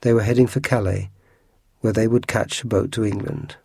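A man narrates a storybook with expressive, shifting delivery. His voice is dark and slightly husky, recorded close in a dry, dead space. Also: on the low side, normal speed, no room sound. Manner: expressive, lively reading. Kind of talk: storybook reading.

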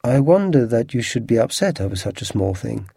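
A man voicing a calm, polite detective who speaks in a measured, understated way in a storybook reading. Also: mid-range voice, vocal fry, breathy edge, no room sound, clean studio sound, full character voice.

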